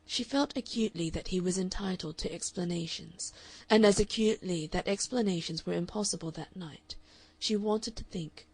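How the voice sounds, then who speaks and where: A woman narrating a classic novel in a steady, measured audiobook reading. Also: on the low side, dry recording. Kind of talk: scripted narration.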